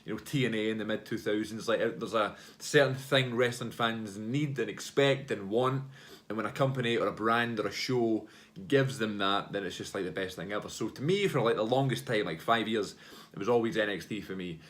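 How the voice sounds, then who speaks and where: A man's voice: on the low side, a little fast. A man hosting a wrestling podcast, chatting casually on his own in a rambling way, full of fillers like "you know" and "like" and frequent self-corrections. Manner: loud, upbeat greeting at the start. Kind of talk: casual solo chat.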